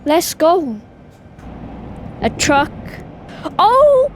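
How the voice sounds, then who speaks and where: A woman with a Welsh accent chatting excitably to viewers while playing a driving game. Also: fairly high pitch, takes it slowly. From Wales. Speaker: gaming video host. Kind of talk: casual gameplay commentary. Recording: game engine noise behind voice. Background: truck and vehicle sounds from game.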